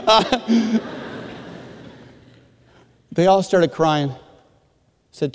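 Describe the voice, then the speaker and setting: A man who leads a congregation, telling his story with lively, dramatic storytelling and slipping into the voices of others. His voice sits a bit high for a man, and long reverb from a large hall trails after every phrase. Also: normal speed. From rural Michigan, USA. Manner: animated storytelling, acting out quoted voices. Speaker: pastor. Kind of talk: testimony sermon.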